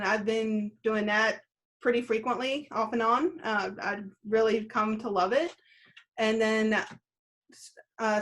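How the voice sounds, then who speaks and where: Woman in her thirties, interview guest, easygoing, voice a bit high, hesitates often. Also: a bit bright. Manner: easygoing, with frequent "uh" and "um". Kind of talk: casual interview.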